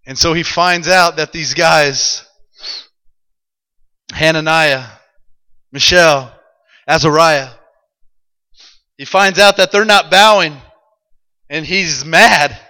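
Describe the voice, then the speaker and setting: A man preaching a sermon, retelling a scripture story in an animated, dramatic way. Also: a little high, takes it slowly, pauses often, smooth, in a large hall, poor audio. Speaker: pastor.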